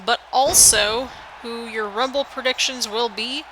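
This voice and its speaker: An American woman with a mixed northern, midwestern and southern accent hosts a gaming channel, giving chatty, wandering play-by-play over a video game. She speaks a little slowly in a fairly high, steady voice, with background noise in the recording.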